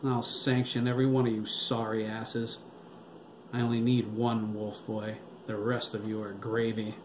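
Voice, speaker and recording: A man's voice: lowish voice, flat delivery, normal speed, lightly acted. A man voicing an angry, defiant rogue agent who threatens everyone around him with a pistol. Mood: furious. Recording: roomy with background noise.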